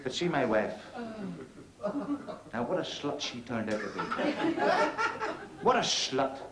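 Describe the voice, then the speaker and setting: An actor playing a crude, cheeky middle-aged club comic from Belfast, with a Northern Irish accent, doing a bawdy stand-up routine on stage. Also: male voice, medium pitch, big pitch swings, slow pace, heavy background noise. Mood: cheeky patter. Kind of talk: 1970s TV drama, stand-up routine. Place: club stage before an audience. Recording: roomy club hall, loud audience.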